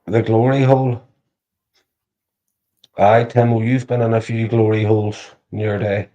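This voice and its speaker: A man's voice: fairly low pitch, little pitch movement, measured pace, dark tone, dull audio. A man chatting casually on a livestream, crude and joking, swearing freely. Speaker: livestream co-host. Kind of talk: casual live chat.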